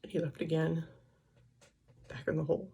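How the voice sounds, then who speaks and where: Tearful older woman with a gravelly voice. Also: low-pitched, steady tone, moderate pace, warm tone. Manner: emotional, tearful confiding. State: crying. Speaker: vlogger. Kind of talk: personal vlog.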